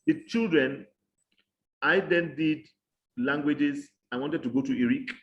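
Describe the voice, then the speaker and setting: A man's voice: on the high side, measured pace, muffled recording. A man, a veteran translator-interpreter, talking as a guest in a casual video chat and telling stories emphatically, repeating his key phrases. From Cameroon. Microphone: video call.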